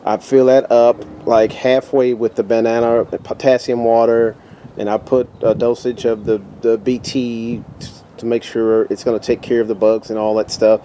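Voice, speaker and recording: A man with a Texan drawl showing his garden, talking in an excited, stumbling way and repeating himself, recorded outdoors on a handheld camera. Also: mid-range voice, normal speed, slight background noise. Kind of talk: casual walk-through vlog.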